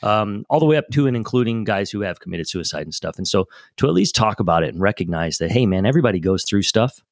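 Fast-talking, low-voiced male podcast host. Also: lively intonation, dry recording, studio quality. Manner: casual, rambling, lots of filler. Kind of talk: conversational faith podcast.

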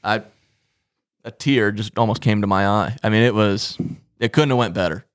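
A man's voice: on the low side, fairly even intonation, moderate pace, clean tone, dry recording, studio quality. A man co-hosting a podcast, telling a long comic story in casual, profane chat. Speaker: podcast co-host.

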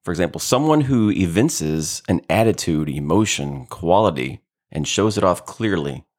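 A deep-voiced man co-hosting a relaxed podcast. He chuckles often and stumbles as he reads. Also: normal speed. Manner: chuckling, stumbles over words. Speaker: podcast co-host. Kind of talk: casual podcast banter.

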